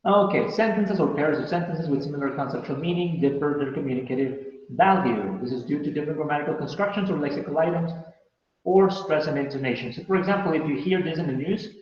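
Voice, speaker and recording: A man's voice: a little high, fast. A male teacher giving a recorded class lecture, explaining patiently and checking in with his listeners as he goes. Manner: patient, explanatory, checks in with "right?" and "you see?". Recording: very echoey, dull lo-fi room sound.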